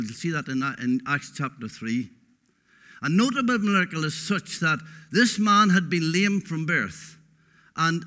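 A man's voice: fairly high pitch, bright, forceful tone. A man preaching a sermon, emphatic and folksy, repeating words for stress.

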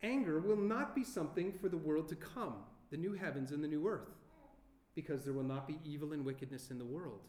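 A man preaching a sermon earnestly, asking rhetorical questions and slowing down with emphatic pauses. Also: a little high, darkish tone. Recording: echoey room.

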